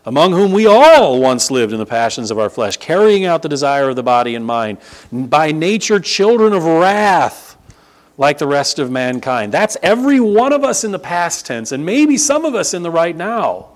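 A man's voice: fairly high pitch, big pitch swings, normal speed. A man preaching an expository sermon, emphatic and conversational, who also teaches a religion class.

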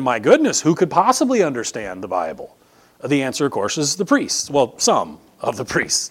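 A man, a pastor, teaching a sermon in a conversational, animated way with jokey asides. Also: a little high.

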